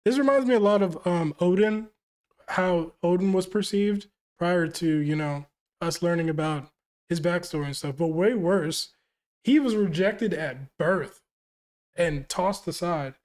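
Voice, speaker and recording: A man's voice: high-pitched, a little slow, darkish tone. A man streaming a live reaction to a comic, reading panels aloud and reacting in casual slang. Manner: slangy, exclamatory, often ends lines with yo or bro; reads panels aloud between comments.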